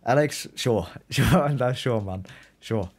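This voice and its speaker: A man's voice: medium pitch, a little slow, darkish tone, husky. A young man chatting casually on a live game stream, reading chat, laughing and swearing as he reacts. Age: young adult. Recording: game gunfire and vehicle noise behind.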